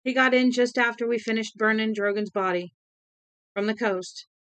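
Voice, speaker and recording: A man's voice: high-pitched, steady tone, normal speed, fairly bright tone, clean tone, no echo. A woman voicing a hard-bitten male henchman who talks in a blunt, matter-of-fact way.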